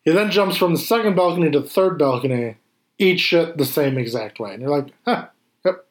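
A man in casual chat, animated and swearing freely as he acts out scenes. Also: a little high, brisk.

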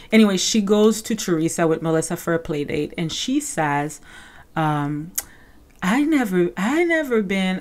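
A chatty woman hosts a casual recap show in a slightly low voice. She piles on fillers as she talks and acts out other people's lines while retelling them. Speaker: podcast host.

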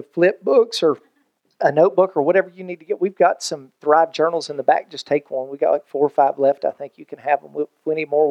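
Guy preaching, chatty and animated, kinda high voice, dry close sound. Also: no room sound, muffled recording. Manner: animated, conversational preaching with jokes and acted-out quotes. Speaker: pastor. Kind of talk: sermon.

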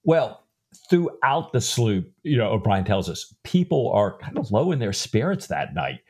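A man's voice: on the low side, big pitch swings, unhurried, darkish tone, slightly rough. A man co-hosting a book podcast, talking reflectively about the story with some hesitations. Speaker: podcast co-host. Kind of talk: book discussion.

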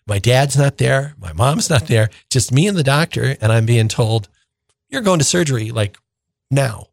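Deacon guy in his 60s telling a story on the radio, chatty, mid pitch, dry close sound. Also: normal speed, gravelly, no echo. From northern Minnesota. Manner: conversational, animated retelling with acted-out quotes. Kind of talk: personal storytelling on religious radio.

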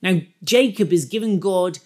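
A man with a fairly high voice walks listeners through a scripture passage in an informal teaching style. He talks with emphasis and animation, breaking off often to explain and stress key phrases. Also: moderate pace. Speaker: Bible teacher.

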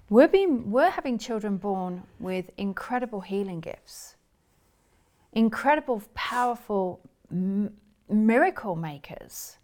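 Earnest woman in her forties. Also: mid-range voice. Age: 40s. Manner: earnest, rambling, with restarts. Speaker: guest, spiritual teacher. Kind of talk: conversational interview storytelling.

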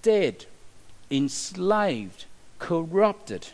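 A man delivers a sermon in a church, his fairly high voice leaping about with lively emphasis. He keeps turning questions back to the listeners. The room rings with a long reverb. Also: very slow. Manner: animated, asks the congregation questions. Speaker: preacher. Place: church hall.

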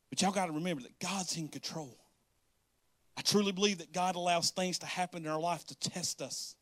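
A man preaching a sermon as pastor, animated and playful, often acting out church members and laughing. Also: high-pitched, a little fast, dry recording, clean studio sound.

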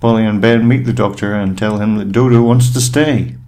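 Lower-voiced man, teasing. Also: fairly even intonation, normal speed, mellow. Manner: sarcastic, teasing. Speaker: podcast co-host. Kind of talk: casual podcast chat.

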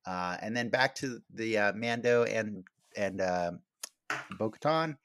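A man's voice: fairly low pitch, unhurried, a bit bright, no room sound, studio quality. A man hosting a podcast, chatting casually and rambling, with many fillers and restarts. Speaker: podcast host.

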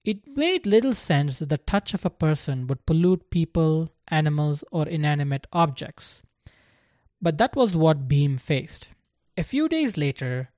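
A narrator reading a story aloud in a slow, deliberate scripted style. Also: medium pitch, a little mellow, no room sound, studio quality.

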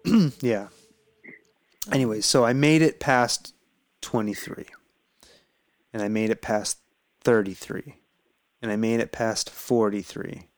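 A man's voice: medium pitch, slow, pauses often, no echo. Swearing, laughing man in his forties. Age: 40s. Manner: laughs hard and swears freely. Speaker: podcast co-host. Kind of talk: casual chat.

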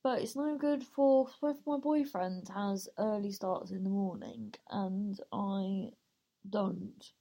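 A woman's voice: mid-range voice, steady tone, slow, warm tone. A woman hosting a podcast, talking in a chatty, rambling, sweary and self-mocking casual monologue.

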